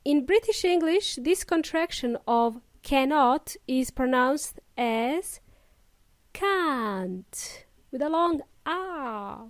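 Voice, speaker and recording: A woman hosting a podcast lesson for English learners, speaking with a slow, careful and emphatic teaching delivery. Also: sits high, animated, dry recording.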